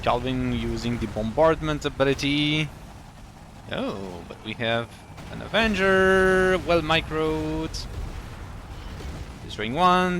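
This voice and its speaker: A man's voice: on the high side, takes it slowly, a bit bright, slight background noise. A man from France giving casual live commentary on a strategy game stream, chatting with viewers between play calls.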